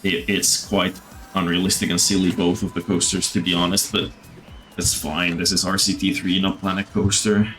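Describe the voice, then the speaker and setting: A man's voice: sits low, level tone, normal speed, a bit bright, faint music behind. A man streaming a theme-park building game, chatting casually with lots of fillers and the odd swear. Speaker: gaming streamer. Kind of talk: casual gameplay commentary. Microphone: desktop mic.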